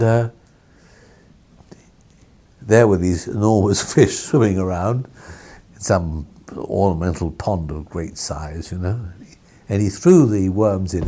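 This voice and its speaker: Older male interviewee, low husky voice, anecdotal and amused, archival feel. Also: dark tone. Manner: rambling, chuckling storyteller with many restarts. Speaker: interviewee, former newspaper editor. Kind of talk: anecdotal reminiscence.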